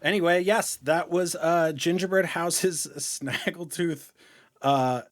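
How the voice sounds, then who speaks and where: A man's voice: a little high, takes it slowly. Jokey man hosting a podcast. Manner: jokey, deadpan riffing. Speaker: podcast host. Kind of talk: casual comedic chat.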